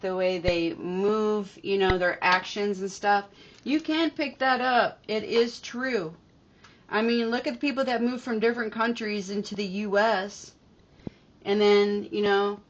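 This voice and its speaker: A woman's voice: mid-range voice, a bit bright. A woman from New York with a New York accent touched by Southern speech, giving a channeled spiritual message in a repetitive, affirming way, then chatting casually. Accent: New York, with picked-up Southern touches. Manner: repetitive, affirming, drawn-out phrasing. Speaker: spiritual reader. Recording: dull lo-fi recording.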